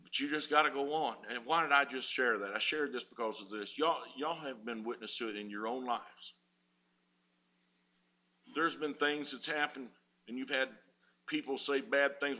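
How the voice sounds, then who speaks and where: A man's voice: mid-range voice, moderate pace, sharp tone. A man preaching a sermon as pastor, folksy and rising in fervor.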